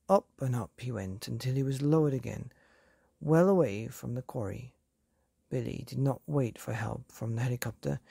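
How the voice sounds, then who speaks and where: A woman reading a bedtime story aloud in a calm, even way, with a gravelly, husky voice. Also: a bass voice, no echo, clean studio sound.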